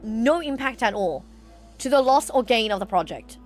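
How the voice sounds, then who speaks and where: Animated woman streamer. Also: fairly high pitch, normal speed, faint music behind. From Australia. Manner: animated, ranting, swears freely. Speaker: live streamer. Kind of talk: casual gaming stream chat.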